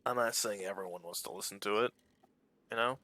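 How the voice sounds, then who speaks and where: A man's voice: fairly low pitch, a little fast, pushed and bright. A man giving casual, rambling let's-play commentary as a small YouTuber, candid and swearing easily. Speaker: small YouTuber playing a game.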